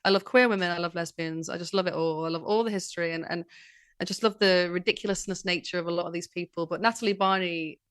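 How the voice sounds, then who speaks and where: A woman's voice: on the low side, fast talker, smooth, no echo, studio quality. A woman with a Manchester accent, chatting enthusiastically as a podcast guest about history. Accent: Northern English, Manchester. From Manchester, England. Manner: enthusiastic, animated storyteller. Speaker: guest author. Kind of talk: casual podcast chat.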